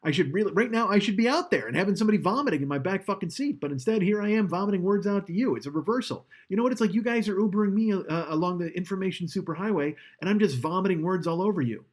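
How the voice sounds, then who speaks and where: A man's voice: high voice, animated, racing, few pauses. A man hosting a casual live stream, rambling and swearing with self-mocking humor while leaning back from his microphone. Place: home streaming setup, indoors. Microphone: studio microphone, leaning back from it.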